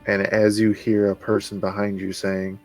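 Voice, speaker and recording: A man narrating as game master of a tabletop game, slow and halting as he describes the scene. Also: lowish voice, monotone, soft background music, low-quality recording.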